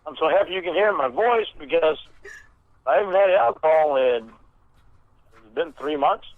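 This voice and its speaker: A man's voice: fairly high pitch, animated, moderate pace, dry recording. Combative male host on a tinny line. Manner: combative, accusing, repeats threats. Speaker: call-in show host. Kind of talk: heated phone argument. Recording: phone-like narrow line, dry.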